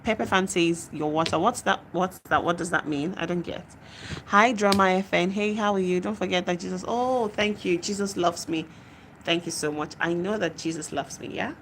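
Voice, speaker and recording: A woman's voice: fairly low pitch, moderate pace, noisy background. A young woman hosting a casual livestream, chatting and reading viewer comments aloud. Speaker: livestream host.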